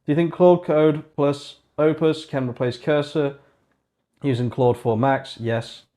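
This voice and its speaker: A man's voice: fairly high pitch, steady tone, unhurried, warm tone. Man muttering through a live coding stream. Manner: muttering, sarcastic asides, reading chat aloud. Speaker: streamer building an online store.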